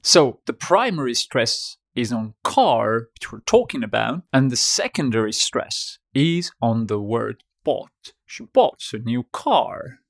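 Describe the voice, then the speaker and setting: A young man teaching an online language lesson in a clear, encouraging way, slowing down to stress example sentences. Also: mid-range voice, sing-song. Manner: encouraging, instructive, stresses demo sentences slowly.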